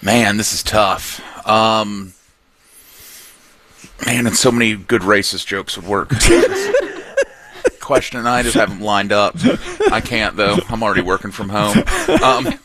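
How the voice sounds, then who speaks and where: Man, low pitch, bright edge, wisecracking radio co-host. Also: fairly even intonation, a little slow. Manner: joking, wisecracking. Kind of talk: casual banter.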